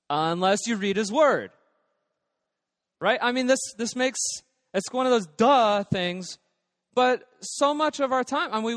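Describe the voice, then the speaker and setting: A man's voice: high-pitched, fairly bright tone, no echo, in a large hall. A man preaching a casual, conversational sermon as pastor, with frequent fillers and restarts.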